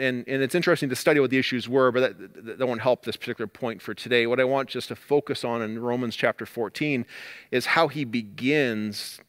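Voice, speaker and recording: A man preaching a sermon as pastor, earnest, swinging up and down in pitch and loudness for emphasis and restarting words now and then. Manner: earnest, rises and drops in pitch and volume for emphasis.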